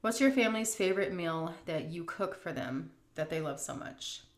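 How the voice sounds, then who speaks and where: A middle-aged woman food vlogger telling a story and answering questions in a chatty, animated way full of fillers. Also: on the low side, normal speed. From United States. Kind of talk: casual storytelling and Q&A.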